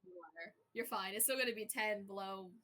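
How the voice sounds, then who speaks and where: Over a voice call, a woman serves as game master for a tabletop-style roleplay, narrating in a chatty, giggly, playful way. Her medium-pitched voice is bright and forceful, and she speaks a little fast.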